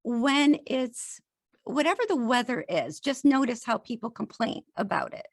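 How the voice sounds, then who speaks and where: A woman's voice: a little high, measured pace, dry recording, clean studio sound. A woman guest on a podcast, talking in an earnest, encouraging way and acting out little quotes in conversation. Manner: earnest, encouraging, animated quoting. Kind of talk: casual interview chat.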